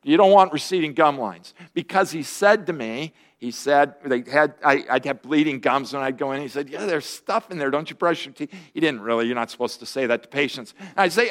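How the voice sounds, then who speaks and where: A man's voice: lively intonation, fairly quick. A man in his fifties preaching a sermon, telling personal stories with humor and acting out the lines of each person in them. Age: 50s. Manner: storytelling with humor, voice jumping high and loud in quoted lines. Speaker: pastor.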